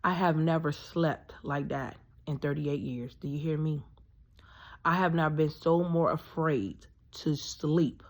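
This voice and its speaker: A woman's voice: sits low, a little slow. A woman in her thirties telling a personal story in a casual, rambling way, full of fillers and emphatic asides. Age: 30s.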